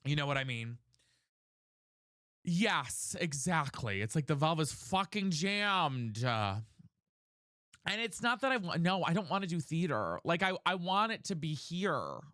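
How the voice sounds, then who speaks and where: A man livestreaming a candid casual chat, talking in an earnest, searching way with halting restarts. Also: on the high side, big pitch swings, sharp tone, dry recording, studio quality.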